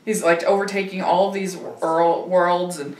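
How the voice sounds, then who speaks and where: A woman hosting a casual film talk. She speaks hesitantly, filling pauses and restarting her thoughts. Her voice is somewhat low for a woman, and it is recorded off-mic in a roomy space. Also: little pitch movement, a little mellow, recorded from a distance. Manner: hesitant, many fillers and restarts. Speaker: film review host.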